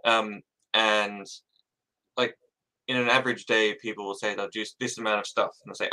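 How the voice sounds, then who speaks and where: A man with a bright, forward voice chats as a guest in an interview. He is jittery and rambling, trips over his own sentences, and laughs often at himself. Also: lowish voice, steady tone, normal speed, poor audio. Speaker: author guest. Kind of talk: casual interview chat.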